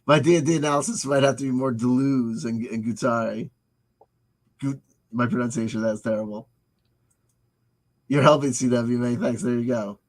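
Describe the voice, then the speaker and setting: A medium-pitched man hosts a livestream in a rough recording, speaking fairly quickly with fairly even intonation. Reading the live chat, he meanders in his commentary and keeps restarting and repeating himself.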